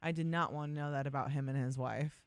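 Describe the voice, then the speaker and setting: A woman's voice: sits low, fast, dry recording. A young woman co-hosting a radio show, chatting casually and emphatically. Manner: animated, emphatic, swings into mock voices. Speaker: radio co-host. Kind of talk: casual morning radio banter.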